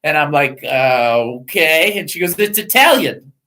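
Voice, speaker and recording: A middle-aged man hosting a casual talk radio show, joking and rambling in a self-mocking way and reading out phone numbers slowly. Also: a little high, expressive, pushed and bright, rough recording.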